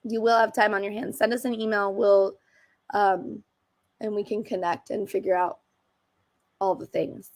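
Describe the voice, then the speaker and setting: A woman's voice: mid-range voice, flat delivery, normal speed, long pauses. Woman, co-host, casual live-stream chat over a video call; upbeat and chatty. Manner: chatty, upbeat, lots of fillers. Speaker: co-host of a teacher conference info session.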